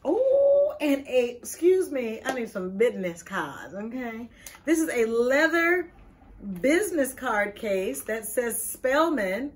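A woman's voice: fairly high pitch, big pitch swings. A woman hosting a casual video, opening gifts with playful, exuberant chatter. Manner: exuberant, playful, quick to laugh. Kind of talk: casual chat.

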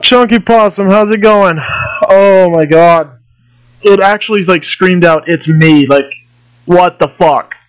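Young male horror-game streamer, high voice, slow drawn-out delivery, jumpy and swearing, headset mic. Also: clean tone, poor audio. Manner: jumpy, nervous laughter, swearing, panicky yelps. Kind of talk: live gameplay commentary.

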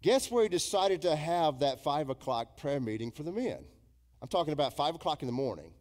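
A man's voice: big pitch swings, brisk. A middle-aged man, a pastor preaching a sermon in a church, emphatic and storytelling, mimicking imagined congregants. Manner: emphatic preaching with big swings in pitch and loudness, quoting imagined congregants. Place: church sanctuary.

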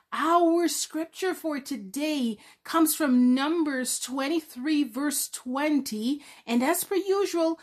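A woman hosting a children's Bible lesson, telling the story in an animated way and asking the children questions as she goes. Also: high voice.

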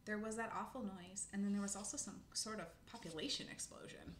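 A woman reading a children's book aloud with expressive storytelling. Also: medium pitch, a little fast. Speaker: narrator. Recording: echoey room, faint noise.

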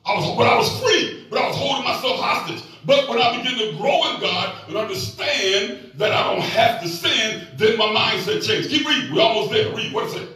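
A man in his sixties preaches in an animated, folksy way, telling jokes and stories. His voice sits high, and it reaches the mic from far off through a very echoey church hall with faint music behind. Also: normal speed, hardly any pauses. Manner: animated, folksy, joking storyteller. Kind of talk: sermon with call-and-response. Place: church sanctuary.

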